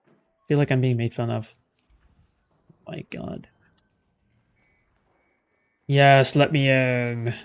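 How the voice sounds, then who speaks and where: A man's voice: medium pitch, little pitch movement, slow, pauses often, clear, resonant tone. A man streaming a game live, ranting sarcastically and swearing as he plays. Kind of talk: live gameplay commentary.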